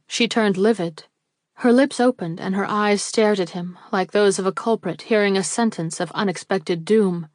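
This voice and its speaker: Reading a classic mystery aloud, this audiobook narrator keeps her delivery steady and measured. The studio-quality recording is dry, and her pitch is medium.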